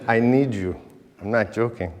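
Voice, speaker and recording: A man's voice: mid-range voice, moderate pace, a little mellow. A middle-aged man giving an emphatic talk to a men's retreat in a church, speaking straight to his audience. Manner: emphatic, addresses audience directly, acts out quoted voices. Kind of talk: animated inspirational talk. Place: large church hall. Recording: live talk in a reverberant hall.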